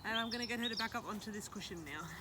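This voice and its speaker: A woman dog trainer who calmly explains a trick, then praises her dog in a high sing-song voice. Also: very fast, very noisy. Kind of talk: casual training demonstration. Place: outdoors or open training space with a dog.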